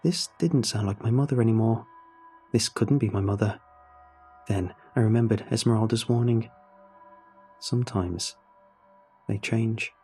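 A man narrating a first-person horror story in a steady, measured way. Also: fairly low pitch, breathy edge, faint music behind.

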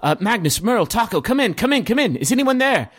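A man's voice: extremely high pitch, very animated, quick pace, fairly bright tone, slightly rough, dry recording, studio quality, pitched above the performer's own voice, exaggerated voice. A man voicing an adult woman director who calls out to her team with worried fussing.

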